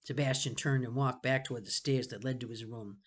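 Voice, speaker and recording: A woman reading a novel aloud to students, pausing to savor phrases and chat about them. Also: a bass voice, breathy edge. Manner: expressive, stops to savor phrases. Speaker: reader for students.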